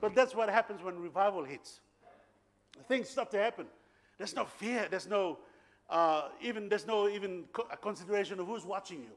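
High-voiced animated male preacher. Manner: animated, laughing storyteller with bursts of loud emphasis. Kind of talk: sermon storytelling.

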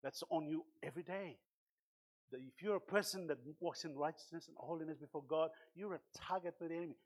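A man preaching a sermon as pastor, impassioned, with sudden loud bursts and cries of hallelujah. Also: on the high side, quick pace. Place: church.

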